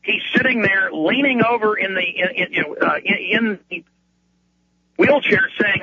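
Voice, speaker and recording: Fast, high-pitched radio host. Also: male voice, sharp tone, muffled recording. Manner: rapid, repetitive restarts, mocking put-on quotes. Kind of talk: heated talk radio commentary.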